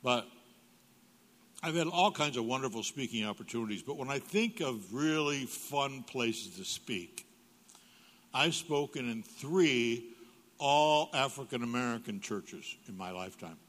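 An older guest preacher with a mid-range, slightly bright voice and lively intonation speaks a little slowly in a church sanctuary. He spins humorous stories, acting out dialogue with big vocal jumps, all in a reverberant hall.

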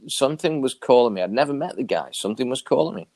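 A man telling a personal story as an interview guest in casual talk, acting out quoted dialogue with sudden high jumps in his voice. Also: quick pace, no room sound. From New York area. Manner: animated, acts out quoted dialogue with big pitch jumps.

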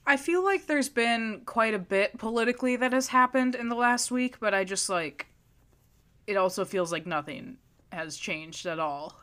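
A woman's voice: fairly high pitch, moderate pace, sharp tone. A young woman in casual podcast chat, chatty and offhand, cracking jokes.

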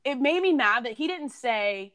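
A woman's voice: high-pitched, animated, normal speed, a bit bright, dry recording. A woman co-hosting a casual chat show, talking in a reflective, musing way. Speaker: podcast co-host.

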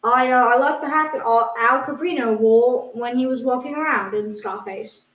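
A woman co-hosting an improvised comedy podcast with a voice that sits a little high. She defends absurd claims in an earnest, hesitant way, full of ums. An echoey room surrounds her. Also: normal speed, fairly bright tone. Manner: hesitant, insisting on absurd claims with a straight face. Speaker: podcast co-host.

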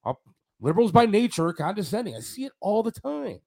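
A man's voice: high-pitched, big pitch swings, quick pace, vocal fry, darkish tone. A man hosting a talk show trades heated blows with his co-host, his voice sitting well above most men's. He talks bluntly and accusingly and repeats his points over and over. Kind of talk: heated on-air argument.

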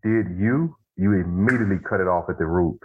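Very deep husky man on a tinny line. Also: slight background noise. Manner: reflective, slow and deliberate when making a point. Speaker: guest, author of a men's journal. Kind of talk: casual heartfelt conversation.

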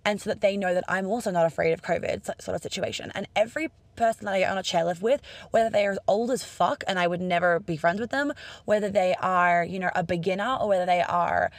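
A woman's voice: lowish voice, fast talker, no room sound. A young Australian woman with an Australian accent, talking casually to camera in a chatty, upbeat, profane way and acting out bits of dialogue.

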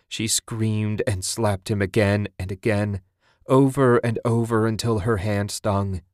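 A man reading a dark short story aloud in a grave, measured way. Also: fairly low pitch, no room sound, studio quality. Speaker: narrator. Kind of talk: scripted dark story narration.

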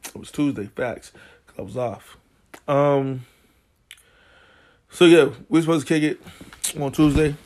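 A man with a slightly high voice hosts a podcast, unhurried and pausing often as he tells a casual, profane, slangy story. He gets worked up and loud when going back over arguments.

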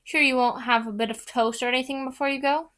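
A woman's voice: sits high, fairly even intonation, quick pace, fairly bright tone, voice pushed up. A woman doing a firm motherly witch.

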